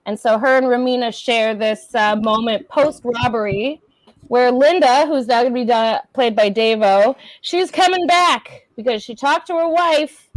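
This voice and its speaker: A woman's voice: a little high, measured pace, no room sound, poor audio. A woman who wrote the play, chatting and laughing as she explains a scene and gives directions. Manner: chatty, laughs often, bossy cues. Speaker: playwright directing a reading. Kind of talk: casual chat, explaining a scene.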